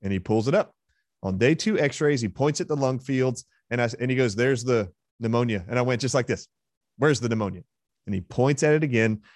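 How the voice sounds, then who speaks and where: A man's voice: mid-range voice, expressive, brisk, darkish tone, no echo, studio quality. A man being interviewed as a guest, retelling a heated exchange with force and emphasis. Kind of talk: interview storytelling.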